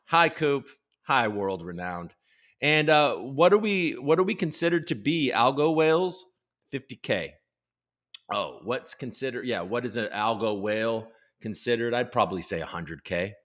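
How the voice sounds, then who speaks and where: A man's voice: medium pitch, big pitch swings, moderate pace, fairly bright tone. A tired man in his thirties hosting a live podcast stream, chatting loosely and reading out viewer comments. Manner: loose, rambling, reads chat aloud. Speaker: podcast host. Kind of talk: casual live-stream chat.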